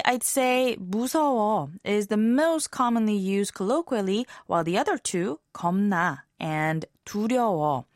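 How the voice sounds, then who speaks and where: Lively woman hosting a language lesson. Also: mid-range voice, no echo, clean studio sound. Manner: clear, measured explanations, slows on key phrases.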